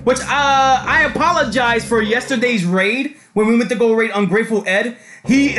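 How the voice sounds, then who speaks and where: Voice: medium pitch, a bit bright. Loose, laughing game streamer in casual commentary, swears freely, faint music under.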